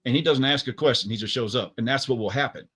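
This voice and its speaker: A co-host in a casual reaction stream who scoffs and talks bluntly, stumbling into restarts now and then. His pitch sits in a middle range for a man. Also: fast, a bit bright, husky. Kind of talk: casual banter.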